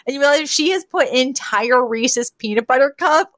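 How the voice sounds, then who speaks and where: A woman's voice: sits high, normal speed, hardly any pauses, dry recording. A woman co-hosting a podcast, recapping an episode in casual chat and acting out the quotes as she laughs along. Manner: lively storyteller who acts out quotes and laughs often. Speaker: podcast co-host.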